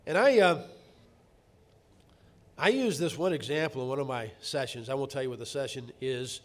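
A middle-aged male pastor preaching a sermon, telling stories and swinging from quiet asides to loud emphatic bursts. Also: medium pitch, moderate pace.

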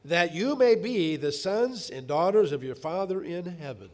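A man's voice: high-pitched, expressive. Earnest man preaching a sermon. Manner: earnest, rising to emphatic peaks, slowing to stress words.

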